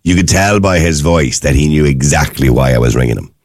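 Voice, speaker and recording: A man's voice: very deep voice, animated, darkish tone, dry recording, studio quality. An Irish man hosting a radio phone-in show, talking with callers in an earnest, conversational way. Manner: conversational, earnest, quick asides. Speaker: radio host.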